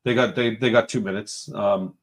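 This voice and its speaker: A man's voice: lowish voice, steady tone, normal speed. A man hosting a casual live-stream show from home, cheerfully greeting chat viewers one after another. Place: home room with a computer.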